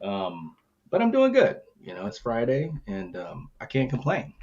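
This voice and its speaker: A man's voice: mid-range voice, huge pitch swings, measured pace, a little mellow, no room sound, highs cut off. A man hosting a casual horror podcast, laid-back and chatty, with many fillers and friendly asides. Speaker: podcast host.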